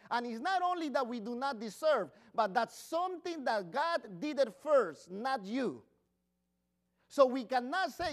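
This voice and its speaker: A man's voice: extremely high pitch, very animated, moderate pace. A middle-aged man preaching a sermon in earnest, conversational English with small grammar slips, often putting questions to the congregation. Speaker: pastor.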